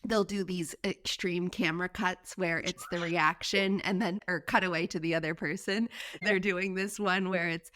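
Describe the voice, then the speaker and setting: A woman's voice: fairly low pitch, fairly even intonation, moderate pace, sharp tone, no echo, studio quality. A woman co-hosting a podcast in casual chat, giggling often and telling stories with animation. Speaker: podcast co-host.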